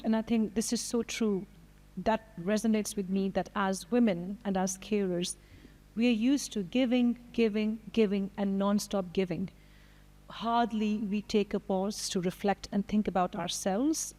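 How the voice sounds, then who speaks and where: A woman moderating a panel discussion, speaking in a measured, reflective way. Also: medium pitch, fairly even intonation, mellow. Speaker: panel host. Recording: long hall reverb.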